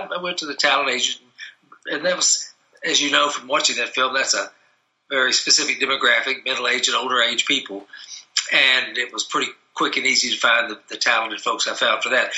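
A man's voice: mid-range voice, bright, forceful tone, dull audio. A man talking casually about the short film he wrote, rambling with many fillers and restarts. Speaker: filmmaker interviewed about his short film. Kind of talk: casual interview.

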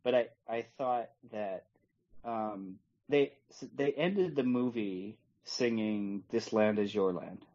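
A man's voice: fairly low pitch, mellow, lo-fi sound. A man chatting as co-host of a movie review podcast, hesitant and restarting his sentences. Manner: slow, hesitant, full of restarts. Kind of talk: casual movie review chat.

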